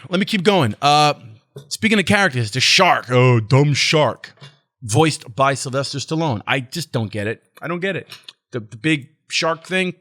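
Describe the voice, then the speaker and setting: A man's voice: on the high side, sharp tone. Blunt, profane male film reviewer. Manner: blunt, profane, exasperated and sarcastic. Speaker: movie reviewer, channel host. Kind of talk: casual ranting film review.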